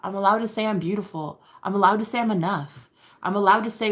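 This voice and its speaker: A woman's voice: medium pitch, fast talker, a bit bright. A woman chatting casually and candidly to her viewers, laughing often and swearing now and then. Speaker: vlogger. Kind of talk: casual confessional chat to camera.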